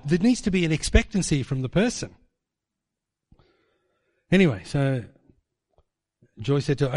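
A man's voice: mid-range voice, very animated, normal speed, long pauses, darkish tone. A man preaching a sermon, telling stories and asking rhetorical questions. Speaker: pastor.

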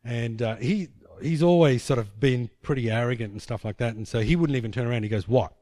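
A man preaches a sermon, turning a personal story into lively scenes and often restarting his sentences. His voice sits at an ordinary middle pitch. The sound is dry and close, with no room echo. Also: a little fast. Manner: animated, tells the story in vivid scenes with many restarts.

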